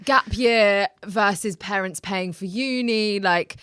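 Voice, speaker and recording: A woman's voice: medium pitch, slow, fairly bright tone, smooth, no echo, clean studio sound. A woman with a British accent hosting a casual podcast, reacting with disbelief and repeating words for emphasis. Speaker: podcast host.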